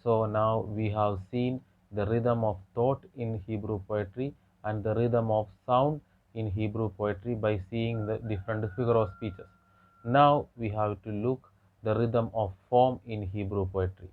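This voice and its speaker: A man giving an academic lecture, speaking haltingly with frequent hesitations and restarts. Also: on the low side, steady tone. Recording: tinny phone-like lo-fi audio.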